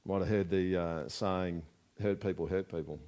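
A man's voice: low voice, fairly even intonation, moderate pace, warm tone. A man preaching a sermon in a conversational way, often asking the congregation rhetorical questions. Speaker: pastor.

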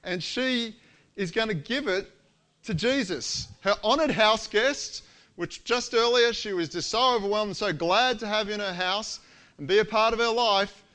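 A man preaching a sermon, telling a story with lively, acted-out quotes. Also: high voice, unhurried. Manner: animated storytelling, acts out quoted lines.

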